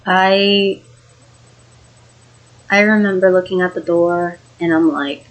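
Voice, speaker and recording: Speaking slowly in a steady, fairly low voice, a young woman tells a scary true story in a loose, rambling vlog, using lots of fillers and a swear word here and there. She sounds shaken and emotional, and the recording is rough.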